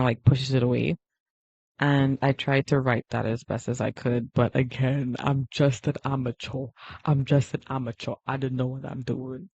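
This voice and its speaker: A woman's voice: rumbling low, a little mellow, slightly rough, dry recording, highs cut off. A woman chatting casually on a drawing livestream, self-deprecating and easily exasperated when things go wrong. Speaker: art livestreamer.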